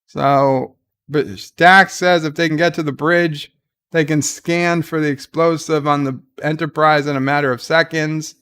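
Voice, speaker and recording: Guy doing a live reaction stream, kinda high voice, super clean and smooth, rambles and reads chat. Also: fairly bright tone. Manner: rambling, reads viewer comments aloud and paraphrases scenes. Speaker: livestream reaction host. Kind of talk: live commentary and chat reading.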